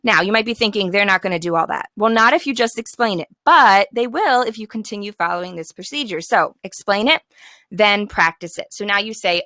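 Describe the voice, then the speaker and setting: A woman's voice: mid-range voice, lively intonation, brisk, bright, forceful tone, no echo. A young woman giving encouraging classroom management tips to fellow teachers, sometimes acting out the instructions she gives her class. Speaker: teacher trainer.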